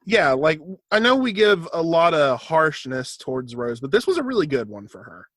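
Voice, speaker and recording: Higher-voiced young man, dry and wry. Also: sing-song, fairly bright tone, no room sound. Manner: quick wry interjections, joking. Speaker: podcast co-host and editor. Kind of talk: casual chat.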